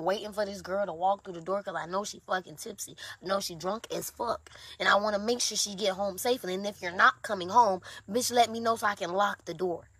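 A woman's voice: medium pitch, a bit bright, slightly rough, no room sound. A woman in an emotional confessional vlog, exhausted and sleepless, talking in raw, profane outpourings. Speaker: vlogger.

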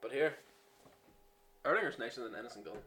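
A man's voice: medium pitch, lively intonation, a little fast, pushed and bright, slight background noise. A Northern Irish man in his twenties, a podcast guest chatting casually with dry, teasing humour. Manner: dry, teasing, laid-back. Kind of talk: casual chat.

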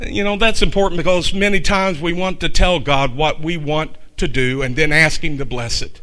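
An older man preaches with fire, his voice pitched high and very bright. He drops to hushed asides, then builds up to shouting. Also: steady tone, moderate pace, hardly any pauses. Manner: fiery, swings from hushed to shouting. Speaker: pastor. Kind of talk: sermon.

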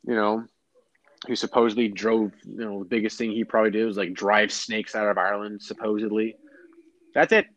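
A man's voice: on the low side, brisk, dull audio. Chatty rambling American man. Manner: rambling, animated, lots of fillers and restarts. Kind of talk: casual chat.

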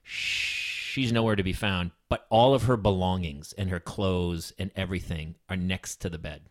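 Low-voiced joking podcast host. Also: male voice, steady tone, moderate pace. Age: middle-aged. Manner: joking, laughs while talking. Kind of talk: casual podcast chat.

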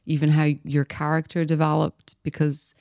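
A man's voice: on the high side, completely flat delivery, normal speed, vocal fry, a little mellow, smooth, no echo, clean studio sound. A man hosting an interview podcast, thinking aloud and searching for words as he reflects on his guest's story. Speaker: podcast host. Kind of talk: casual interview.

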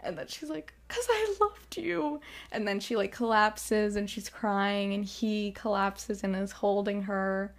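A woman's voice: medium pitch, unhurried, few pauses. A woman co-hosting a podcast, retelling a movie scene by scene in casual chat and acting out the characters' lines. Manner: animated retelling with quoted character lines, frequent laughing. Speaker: podcast co-host.

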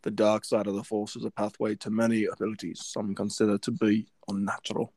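A young man doing an impression of a sinister old male emperor, speaking slowly and darkly. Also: lowish voice, monotone, a little mellow, dry recording, voice pushed down. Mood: menacing.

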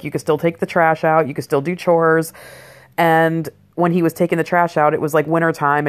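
Low-voiced blunt woman rambling casually. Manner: rambling, blunt and profane with lots of fillers. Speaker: mother of boys. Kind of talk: casual personal monologue.

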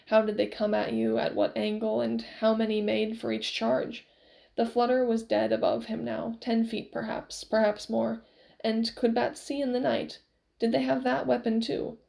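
Expressive woman reader for a novel, a touch high, gravelly texture. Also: normal speed, low-quality recording. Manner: expressive storytelling. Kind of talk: reading a novel aloud.

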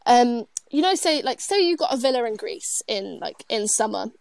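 A woman's voice: fairly high pitch, sing-song, normal speed, creaky, a little mellow, no echo. A young British woman hosting a podcast, telling travel stories in a chatty, filler-heavy way. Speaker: podcast host. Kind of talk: casual podcast chat.

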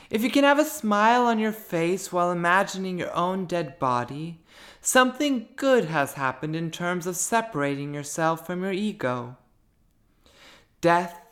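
Slow, thoughtful woman author. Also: on the low side. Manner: thoughtful, unhurried, searching for words. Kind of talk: interview, then reading her own prose aloud.

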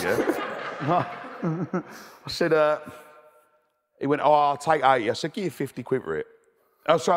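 A man as a guest speaker, telling stories in a chatty, plain-spoken way and laughing often. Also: mid-range voice. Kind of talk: storytelling. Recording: long hall reverb.

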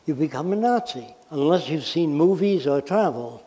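A man's voice: fairly high pitch, lively intonation, moderate pace, mellow. An American man giving a blunt, emphatic public lecture, making his points with examples and questions. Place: lecture hall. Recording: reverberant hall.

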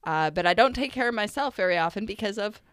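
A young adult woman co-hosting a casual podcast, talking in an earnest, reflective way and quick to laugh. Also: mid-range voice, lively intonation, fairly bright tone, clean tone, no echo, clean studio sound. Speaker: podcast co-host.

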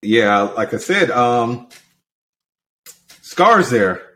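A man's voice: mid-range voice, sing-song, extremely slow, fairly bright tone. A man co-hosting a casual podcast, rambling with lots of fillers as he retells scenes. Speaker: podcast co-host. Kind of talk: casual chat.

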